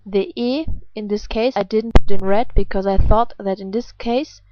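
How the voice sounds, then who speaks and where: A woman's voice: mid-range voice, muffled recording, a little hiss or hum. A woman with a German accent who is a native German speaker, teaching pronunciation in a video lesson in a patient way. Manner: patient, slow and exaggerated when modelling words. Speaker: language teacher.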